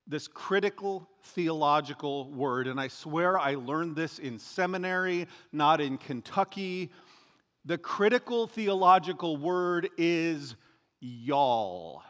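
A man preaching a sermon as pastor, conversational and joking, with animated emphasis. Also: on the high side, a little slow. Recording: long hall reverb.

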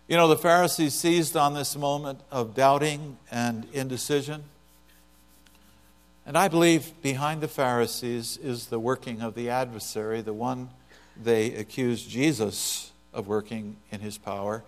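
A man delivering a sermon in a slightly high voice, swinging from loud, emphatic emphasis down to quiet, hushed lines. A faint electrical hum sits under the recording. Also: moderate pace. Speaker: pastor.

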